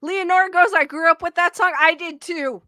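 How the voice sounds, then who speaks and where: A woman's voice: very high-pitched, fairly even intonation, normal speed, bright, forceful tone, no room sound, studio quality. A woman in her late thirties hosting a live stream, reading viewers' comments aloud and chatting casually, giggling often and breaking into playful sing-song jokes.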